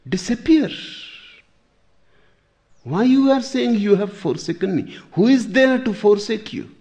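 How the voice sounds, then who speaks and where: A man voicing a stern ancient sage who insists in a sharp, raised voice. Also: mid-range voice, slow pace. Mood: insistent. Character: stern ancient male philosopher, dismissive.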